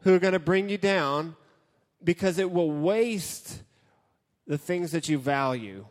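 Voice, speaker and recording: A man's voice: fairly high pitch, animated, unhurried. A man giving a casual, joking sermon as a youth pastor, talking straight to his audience. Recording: hall with long reverb.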